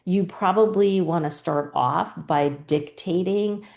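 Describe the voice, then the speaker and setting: A woman's voice: fairly low pitch, slow, creaky, a little mellow. A woman teacher, patiently explaining a spelling rule and often checking in with "right?". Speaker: reading teacher. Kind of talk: instructional explanation.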